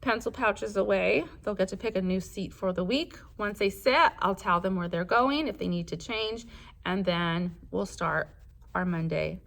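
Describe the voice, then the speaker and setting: A woman's voice: mid-range voice, normal speed, creaky, a bit bright. A young adult woman, a first grade teacher from Southern California, talking casually through her school day in a vlog, rambling as she lists her plans. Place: classroom.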